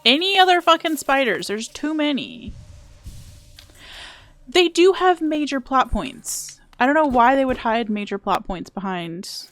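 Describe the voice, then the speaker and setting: A woman's voice: high voice, expressive, normal speed, hardly any pauses, no room sound. A young woman chatting casually while streaming a video game, wry and self-mocking, with some swearing. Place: home room.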